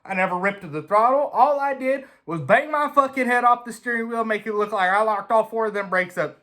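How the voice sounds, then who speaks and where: A man telling a casual, swear-filled story in an animated way. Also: high-pitched, brisk. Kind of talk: casual anecdote.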